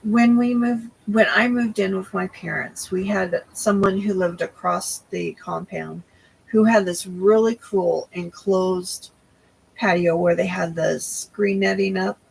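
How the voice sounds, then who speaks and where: Slow-talking husky-voiced woman. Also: mid-range voice, fairly even intonation, rough recording. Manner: rambling, loses her train of thought. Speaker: crochet livestream host. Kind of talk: casual livestream chat with viewers.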